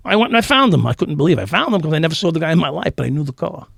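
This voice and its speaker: A middle-aged man with a gravelly, rough edge to a fairly high voice. He tells his stories bluntly, swearing freely and acting out the lines of the people in them. The sound is close and dry. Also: very animated, very fast, fairly bright tone, dry recording. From New York. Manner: profane, blunt storytelling, acting out quotes. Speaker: interview guest, former police officer. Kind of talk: candid storytelling in a podcast interview.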